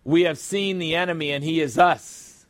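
A middle-aged man preaches a sermon with rhetorical questions and calls for an amen. His voice sits a little high for a man. The sound is dry and close, with no room echo. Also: fairly even intonation, normal speed. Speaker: pastor.

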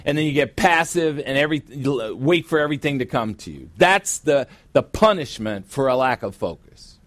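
A middle-aged man preaching a sermon as pastor, with emphatic, drawn-out stresses. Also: medium pitch, lively intonation, a bit bright, no room sound. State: sweating, warm from preaching. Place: church sanctuary.

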